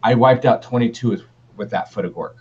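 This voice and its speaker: A man's voice: medium pitch, fairly quick, a little mellow. A man co-hosting a wargaming podcast in a laid-back, rambling chat with many fillers. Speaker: podcast co-host. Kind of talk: casual chat. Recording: dull lo-fi stream audio.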